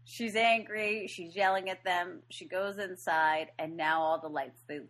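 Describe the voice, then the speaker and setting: A woman's voice: on the low side, a little slow, crowd noise. A woman co-hosting a podcast, chatting casually as she recaps a movie and laughs often. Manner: laughs often, animated retelling with quoted lines. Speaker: podcast co-host.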